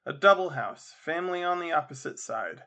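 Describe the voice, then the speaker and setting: A man hosting a podcast, reading a classic story aloud with measured, expressive narration. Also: a little high. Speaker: podcast host and reader.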